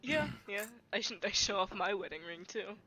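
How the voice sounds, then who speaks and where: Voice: mid-range voice, lively intonation, moderate pace, pushed and bright, slight background noise. A player in a tabletop game, joking and bantering casually.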